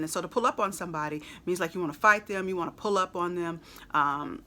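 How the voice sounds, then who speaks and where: Chatty woman explaining lyrics, bright voice. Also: fairly low pitch, fast talker. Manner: chatty, explanatory, frequent fillers. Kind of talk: casual explanation of song lyrics.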